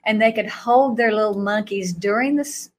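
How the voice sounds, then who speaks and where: A middle-aged woman telling a story in an animated way, laughing often and jumping to a high voice when she acts out reactions. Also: moderate pace, slight background noise. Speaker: guest recounting a vision.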